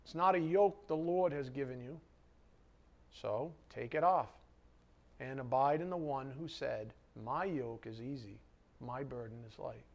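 A man's voice: mid-range voice, moderate pace, vocal fry, a little mellow, dull audio. A male pastor preaching a sermon to his congregation in a church hall, firing questions at them and rising sharply when worked up.

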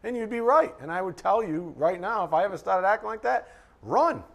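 Guy preaching a bible lesson, kinda high voice, jokey and chatty then punches words hard. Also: expressive, a little fast, gravelly, fairly bright tone. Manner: conversational and joking, with sudden emphatic rises. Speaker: Bible teacher. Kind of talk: sermon.

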